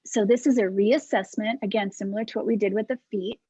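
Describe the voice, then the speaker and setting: Woman teaching a movement class over video call: breathy, gentle, unhurried cues. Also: medium pitch, dry recording, lo-fi sound. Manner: calm, soft-spoken cueing with breathy demonstrations.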